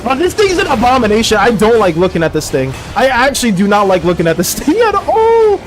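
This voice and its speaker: A streamer giving excitable live gameplay commentary, swearing and laughing often. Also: medium pitch, quick pace, faint music behind.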